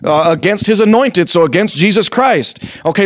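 A man's voice: high voice, expressive, moderate pace, hardly any pauses, no room sound, clean studio sound. A man preaching a sermon to a congregation in a conversational way, with sarcastic asides and acted-out quotes. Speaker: pastor.

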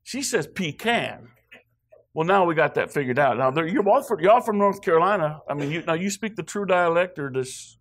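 A man's voice: on the high side, expressive, fairly quick, hardly any pauses, a bit bright. A guest preacher from Wyoming, a man rambling with joking asides in a church sermon before reading scripture.

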